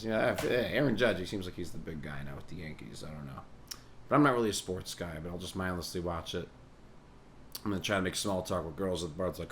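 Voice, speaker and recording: A man's voice: deep voice, animated, fast talker, a little hiss or hum. A man hosting a podcast, telling a rambling comedic monologue full of swearing and chuckling asides. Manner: profane, meandering, chuckling asides. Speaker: podcast host and musician.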